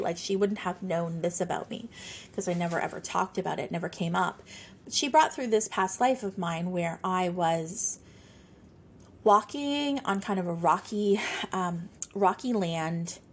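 A woman in her thirties hosting a podcast, telling a personal story in a chatty, earnest way with many casual fillers. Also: fairly low pitch. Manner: chatty, earnest, sprinkles talk with "like". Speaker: podcast host.

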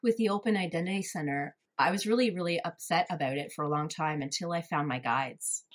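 A woman's voice: low voice, fairly quick. A woman spiritual coach as a podcast guest, talking in casual chat in an earnest, reflective way.

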